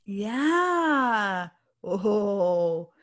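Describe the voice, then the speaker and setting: A woman co-hosting a podcast in casual chat, chatty and animated, quick to laugh. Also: mid-range voice. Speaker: podcast co-host.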